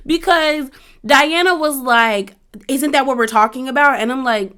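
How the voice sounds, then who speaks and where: Casting: woman, slightly high voice, sassy and animated, casual recap host. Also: moderate pace, clean tone. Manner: animated, sassy, acts out quotes.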